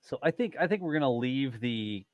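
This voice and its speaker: A man co-hosting a livestream from a green-screen studio, giving relaxed commentary and thinking aloud with pauses. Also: medium pitch, dry recording. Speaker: livestream co-host. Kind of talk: casual live-stream commentary.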